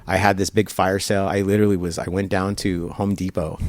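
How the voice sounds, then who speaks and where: Halting, rambling middle-aged man. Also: low-pitched, little pitch movement, darkish tone, dry recording. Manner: rambling, halting, acts out quoted voices. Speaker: guest. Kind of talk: casual storytelling interview. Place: barbershop.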